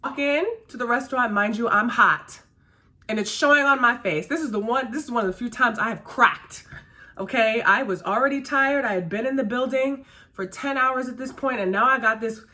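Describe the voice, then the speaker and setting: Bright-voiced woman chatting emphatically. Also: fairly high pitch, moderate pace. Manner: emphatic, repeats key phrases. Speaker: restaurant server and vlogger. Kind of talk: casual chat during a makeup routine.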